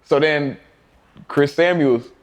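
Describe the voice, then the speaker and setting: A man's voice: fairly high pitch, slow. A young man telling laid-back, profane stories as an interview guest, often laughing and acting out his coaches' voices. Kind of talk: casual storytelling.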